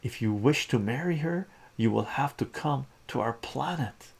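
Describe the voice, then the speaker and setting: A man voicing a formal, solemn alien father in a comic, with a gravelly, husky voice. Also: mid-range voice, expressive, normal speed, darkish tone, voice pushed up.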